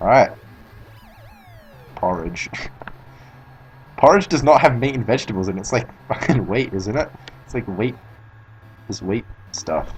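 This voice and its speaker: A man's voice: on the low side, lively intonation, unhurried, pauses often, faint music behind, low-quality recording. A man with an Australian accent, a speedrunner chatting casually and rambling with plenty of swearing while he plays. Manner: rambling, swears a lot, laughs at himself. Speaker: speedrunner streaming. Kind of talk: casual commentary while playing.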